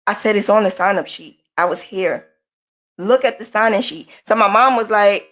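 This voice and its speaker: A woman's voice: medium pitch, moderate pace, a bit bright. A woman podcast host from the United States, telling a personal story in a casual, emphatic way and repeating her points.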